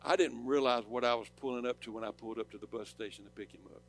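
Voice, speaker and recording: A male pastor with a Southern drawl delivers a fervent sermon. His voice climbs into loud, ringing exhortation, then falls to a hushed, intimate telling. Mid-pitched and earnest throughout. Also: steady tone, fast, vocal fry, a little hiss or hum. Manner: impassioned, swings from loud preaching to soft storytelling.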